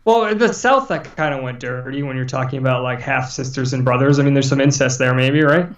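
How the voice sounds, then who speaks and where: A man's voice: mid-range voice, fairly quick, dull audio. A man co-hosting a podcast, chatting casually about the news and repeating himself for emphasis. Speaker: guest co-host.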